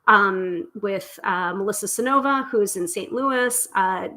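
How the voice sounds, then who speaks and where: A middle-aged woman hosting a live tarot stream, talking casually and excitedly with many fillers and restarts. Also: mid-range voice, a little slow, rough recording. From United States.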